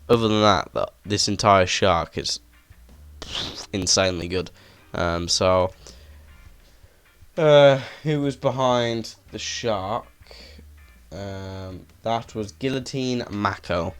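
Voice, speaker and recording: A man's voice: low voice, a bit bright, clear, resonant tone. A man giving a rambling, enthusiastic walkthrough of a game, full of "um"s and "like"s, recorded on a desk microphone. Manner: rambling, enthusiastic, many fillers. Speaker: gaming video creator. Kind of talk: casual game walkthrough commentary. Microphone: desk microphone with headset.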